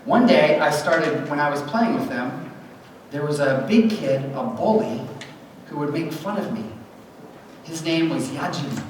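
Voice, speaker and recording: A man giving a personal testimony at a church gathering, telling his story in an animated way and acting out voices. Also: a little high, unhurried, a little hiss or hum. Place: church hall event. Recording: echoey hall recorded from far off.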